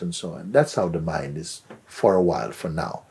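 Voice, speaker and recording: A man giving a soft, unhurried spiritual talk as a teacher answering a question. He often trails into a whisper and gently repeats words for emphasis. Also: lowish voice, breathy edge.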